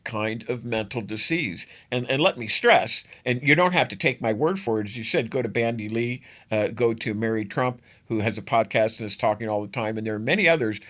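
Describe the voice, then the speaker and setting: A man hosting his own political commentary show, talking in a bright, forward voice. He leans hard on his points and repeats phrases to drive them home. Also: medium pitch, brisk, hardly any pauses. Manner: emphatic, repeats phrases for stress.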